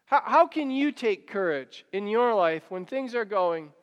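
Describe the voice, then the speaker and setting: High, clear-voiced man preaching in a hall. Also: expressive, a little slow. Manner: earnest, repeats and stammers when worked up. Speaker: pastor. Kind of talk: sermon.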